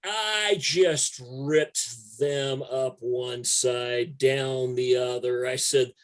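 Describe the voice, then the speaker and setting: A man's voice: medium pitch, extremely slow. A man, a music writer guest telling stories in a casual, profane and emphatic way. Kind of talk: casual conversation.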